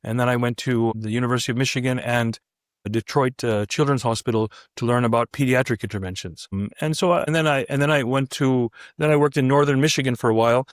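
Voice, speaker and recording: A middle-aged man, a physician guest in an interview, telling stories in a casual, animated way with many restarts. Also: medium pitch, quick pace, dry recording, studio quality. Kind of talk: casual anecdotal storytelling.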